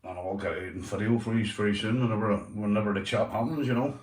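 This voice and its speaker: A man's voice: lowish voice, steady tone, quick pace, darkish tone, recorded from a distance. A man with a Northern Irish accent hosting a casual livestream, chatting to viewers by name and swearing freely. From Northern Ireland. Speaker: livestream host. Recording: roomy echo, voice away from the mic.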